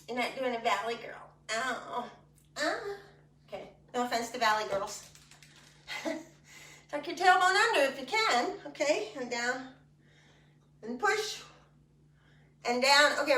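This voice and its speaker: A woman's voice: sits high, pushed and bright. A woman guiding an exercise class, giving step-by-step cues and joking between them. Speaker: fitness instructor. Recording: echoey room, mic far off.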